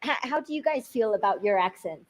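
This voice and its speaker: Host: woman from England, slightly high voice, lively and quick, laughs easily. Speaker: podcast host. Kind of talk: live conversational podcast.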